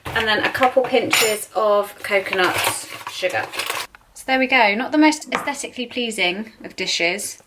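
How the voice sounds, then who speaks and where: A young British woman talks to a handheld camera in her home kitchen. She rambles in a relaxed, chatty way with plenty of fillers and asides, and a faint background hiss sits under her voice. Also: mid-range voice. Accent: British English. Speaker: lifestyle vlogger. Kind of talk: casual vlog chat to camera.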